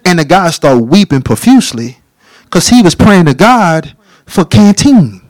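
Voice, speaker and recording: A middle-aged man preaching a testimony, telling his story in an animated way and acting out the dialogue. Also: high voice, a little slow, dry recording. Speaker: speaker giving a testimony.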